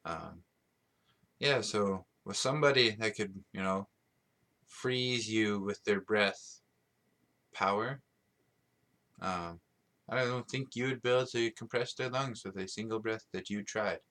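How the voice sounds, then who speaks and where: A man's voice: on the low side, unhurried, a bit bright. A young man hosting a casual solo podcast, rambling with lots of ums and restarts and chuckling at himself. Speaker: podcast host.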